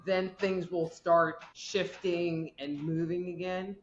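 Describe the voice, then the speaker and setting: A woman's voice: lowish voice, steady tone, slow, muffled recording, slight background noise. Woman telling stories in an echoey room. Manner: rambling, acts out quoted voices. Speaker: guest, medical intuitive. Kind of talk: casual storytelling chat.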